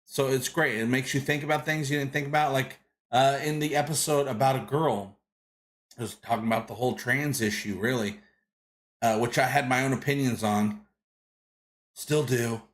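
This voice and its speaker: A man's voice: medium pitch, fairly even intonation, moderate pace, a bit bright. A man hosting a live stream, chatting casually and reading out viewer comments, rambling with many restarts and greeting viewers by name. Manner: rambling with frequent restarts and fillers. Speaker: live show host.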